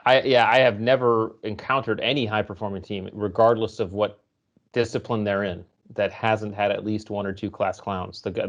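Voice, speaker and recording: Man, low register, explanatory storyteller, guest on a podcast, slightly dull lo-fi sound. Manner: storytelling, explanatory, animated when recounting. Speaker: guest author. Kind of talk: conversational interview.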